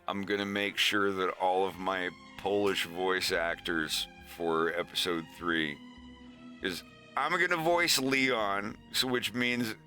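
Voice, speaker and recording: A man's voice: lowish voice, sharp tone. A man streaming casually, talking in a rambling, profane way. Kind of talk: casual chat.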